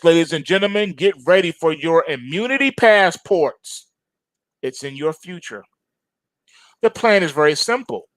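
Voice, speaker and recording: A man's voice: a little high, a bit bright, no room sound. A man hosting a market commentary monologue, sardonic and emphatic, mocking as he goes.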